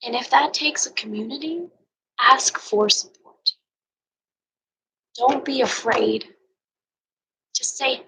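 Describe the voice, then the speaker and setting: A woman yoga teacher giving an earnest, emotional motivational talk, sometimes dropping into soft near-whispers. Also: high-pitched, slow pace, creaky, long pauses, husky, rough recording. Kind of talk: personal motivational monologue.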